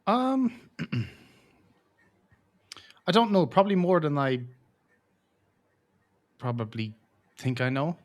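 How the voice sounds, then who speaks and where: A man's voice: fairly high pitch, very animated, slow pace, pauses often. A man with an Irish accent, talking as a guest in a casual interview, easygoing and self-deprecating. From Ireland. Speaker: guest, game community manager.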